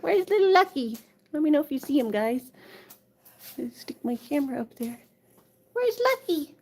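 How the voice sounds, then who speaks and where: A woman's voice: high voice, sing-song, normal speed, darkish tone, a little hiss or hum. A woman streaming live, coaxing her cat in sing-song baby talk and chatting with viewers as she reads their messages. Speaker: livestreamer with pet cats. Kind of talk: casual live-stream chat.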